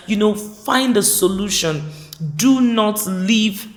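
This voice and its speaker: Female instructor, mid pitch, emphatic and repetitive, informal teaching, echoey room. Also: a little slow, creaky. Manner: emphatic, repeats key words, acts out example dialogues. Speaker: caregiving course instructor.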